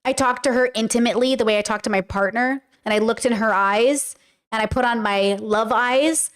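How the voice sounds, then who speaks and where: A woman's voice: fairly high pitch, normal speed. A woman hosting a podcast, talking frankly and casually to her viewers, with lots of fillers, casual swearing and acted-out quotes. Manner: chatty, frank, many fillers, acts out quoted speech. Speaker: podcast host.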